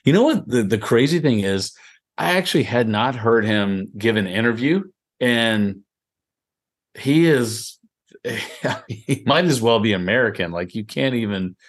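A man's voice: medium pitch, expressive, a little slow. A man with a Southern drawl, co-hosting a golf podcast in a rambling, easygoing way with frequent laughs. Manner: rambling, laughs often, lots of "I mean". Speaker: podcast co-host. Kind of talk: casual golf podcast chat.

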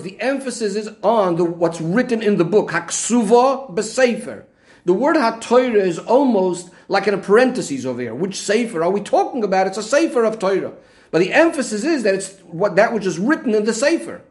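Brief: male Torah teacher, high voice, methodical explainer. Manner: methodical, restates points with Hebrew terms. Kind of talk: explaining a Rashi commentary.

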